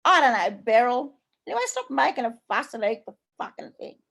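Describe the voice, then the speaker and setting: A woman's voice: fairly high pitch, big pitch swings, brisk, creaky, a bit bright, heavily acted. A woman doing a curt Aussie husband. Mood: impatient. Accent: Australian. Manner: curt, swearing. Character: gruff impatient older husband.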